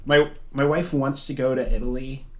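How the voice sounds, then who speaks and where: A man's voice: medium pitch, steady tone, moderate pace, fairly bright tone, slight background noise. A man hosting a podcast, chatting casually with a dry, self-deprecating manner. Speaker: podcast host. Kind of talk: casual interview chat.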